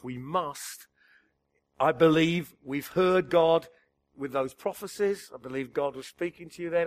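A man preaching a sermon, swinging between emphatic lines and a hushed near-whisper, chuckling at his own jokes. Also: a little high. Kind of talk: sermon to a church gathering.

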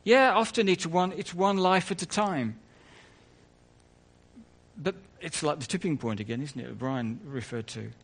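A man's voice: on the high side, a little slow, long pauses, fairly bright tone. A man preaching a conversational sermon in church, full of asides and self-corrections.

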